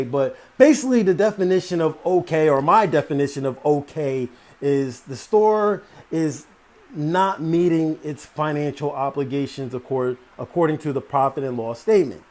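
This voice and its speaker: A man's voice: fairly high pitch, darkish tone. A man telling a story about his time as a store manager, in a conversational, emphatic way with many fillers and repeated phrases. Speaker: motivational speaker. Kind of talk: storytelling talk.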